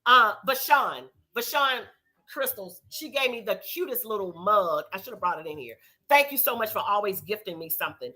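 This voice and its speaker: Middle-aged woman host, chatty and sassy, very animated intonation. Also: mid-range voice, moderate pace. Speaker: show host. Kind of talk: casual live recap show.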